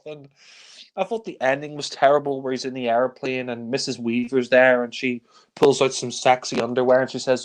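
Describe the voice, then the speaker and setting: A man's voice: mid-range voice, steady tone, normal speed. Ranting man reviewing films. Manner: ranting, exasperated, heavy swearing. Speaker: film reviewer co-host. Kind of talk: casual film review chat.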